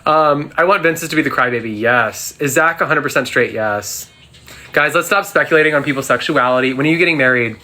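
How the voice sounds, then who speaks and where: A young man does a relaxed live Q&A from his phone, seated on the floor at home and fielding fan questions with sass and fast retorts. His voice is medium-pitched, pushed, and bright.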